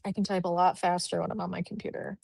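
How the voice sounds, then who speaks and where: A woman's voice: fairly low pitch, little pitch movement, quick pace, vocal fry, darkish tone, no room sound. A woman recruiter hosting a live stream, chatting casually and upbeat as she reviews profiles from a home office. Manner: chatty, upbeat, thinks aloud while clicking through profiles. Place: home office with a dog nearby.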